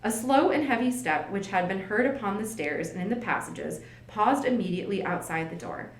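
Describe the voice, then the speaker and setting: A woman reads an old detective story aloud at an easy, unhurried pace, giving the characters light voices of their own. Her voice sits in the middle of the range, neither high nor low. The recording carries a noticeable room echo. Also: lively intonation. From United States. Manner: plain narration with light character voicing, chatty asides. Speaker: library staff reader. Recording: roomy echo.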